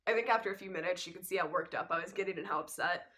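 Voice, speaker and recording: A young woman chatting casually as she tells a personal story, lively and acting out the dialogue. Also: lowish voice, racing. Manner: lively retelling that acts out the dialogue. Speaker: vlogger telling a personal story.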